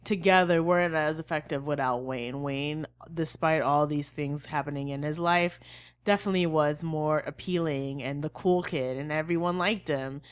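A woman's voice: deep voice, fairly even intonation, normal speed, clean tone. A woman co-hosting a podcast in casual conversation, adding wry, dry sarcastic asides. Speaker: podcast co-host.

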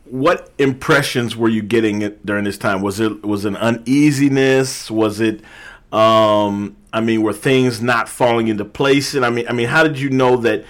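A man's voice: medium pitch, fairly even intonation, normal speed. A man who is a pastor, hosting a podcast and talking casually with his guest, often dropping "man" into his sentences.

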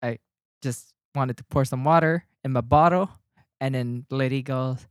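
A man on a podcast telling a story in casual chat, animated, swearing and laughing as he gets worked up. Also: medium pitch, moderate pace, dry recording, clean studio sound.

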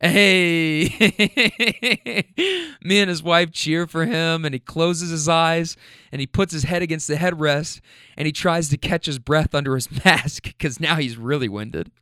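A man with a somewhat high voice recounts an anecdote in a loose, casual way. He is animated and laughs as he mimics the people he describes. The sound is close and dry. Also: moderate pace, smooth, no echo. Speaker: storyteller recounting a rideshare trip.

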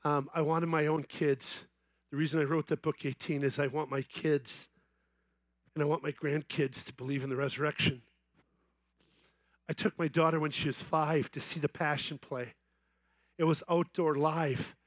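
A middle-aged man giving an evangelistic sermon on a festival main stage, telling a story that builds to excited shouting. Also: fairly high pitch, moderate pace, pauses often, dry recording. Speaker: festival speaker.

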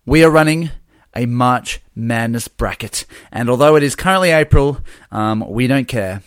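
A man co-hosting a casual podcast, playful and quick with jokey asides. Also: medium pitch, animated, clear, resonant tone, dry recording, studio quality. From Tasmania, Australia. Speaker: podcast co-host.

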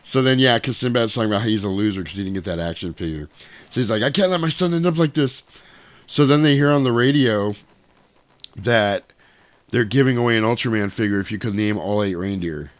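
A man's voice: lowish voice, a little fast, no echo. A man in casual chat, retelling a movie's plot in a profane, rambling way and correcting himself as he goes.

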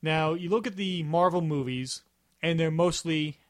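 A man's voice: a little high, unhurried, no room sound, studio quality. A man co-hosting a podcast, chatting casually about a show, rambling and often restarting his sentences. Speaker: podcast co-host. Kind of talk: casual chat.

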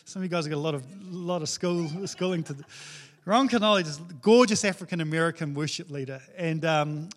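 A man's voice: on the high side, fairly quick. A man with a New Zealand accent preaching a sermon as a pastor, casual and joking in his delivery.

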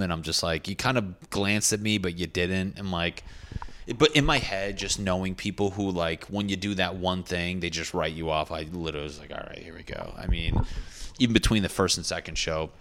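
Low-voiced man rambling through a story. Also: brisk, fairly bright tone. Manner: rambling, profane, self-correcting. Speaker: stand-up comedian. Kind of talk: casual storytelling.

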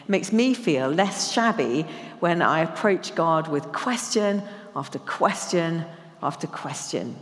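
A woman preacher from England giving a conversational sermon in a church, slowing down to read scripture with emphasis. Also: sits low, expressive. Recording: church hall reverb.

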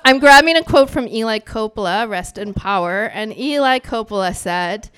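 A woman delivers spoken-word poetry live from a bar stage, her voice smooth and clear. She is brash and profane, teasing the crowd with playful banter. Her pitch sits in an ordinary middle range. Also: expressive, moderate pace, a bit bright.

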